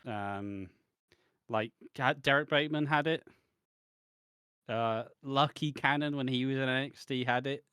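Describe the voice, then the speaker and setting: A man's voice: mid-range voice, steady tone, unhurried, long pauses, bright, forceful tone, clean tone, no room sound, studio quality. A man co-hosting a wrestling podcast in blunt, sardonic, profane chat. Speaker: podcast co-host. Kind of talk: casual chat.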